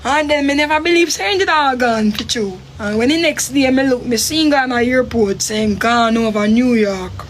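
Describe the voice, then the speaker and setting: A Jamaican woman casually tells a personal story at a brisk pace, acting out her own quotes with big leaps in pitch. The recording has a little hiss or hum.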